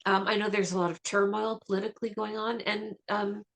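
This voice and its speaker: A woman vocalist talking as a guest in a radio interview, chatty and enthusiastic with quick asides. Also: medium pitch, flat delivery, gravelly, a bit bright.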